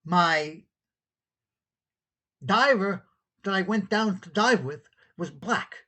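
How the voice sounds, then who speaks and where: A fairly high-voiced man with a husky, slightly rough edge and a New York accent. He tells a story in an opinionated solo monologue, jumping between his own voice and the people he quotes. His delivery is incredulous and full of disbelief. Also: unhurried, long pauses. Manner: animated, incredulous, acts out both sides of a dialogue. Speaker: podcast host. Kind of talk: opinionated monologue, retelling a call-in exchange.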